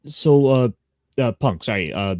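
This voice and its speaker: A man's voice: medium pitch, expressive, measured pace, a little mellow, dry recording. A man on a casual anime livestream chat who speaks in thoughtful, articulate phrases.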